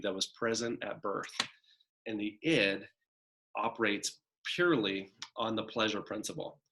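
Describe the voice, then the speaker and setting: In a recorded classroom lecture, a man with a lowish, sharp-toned voice teaches college psychology conversationally, often tagging points with "right?" and "kind of." For examples, he acts out the voice of a demanding child.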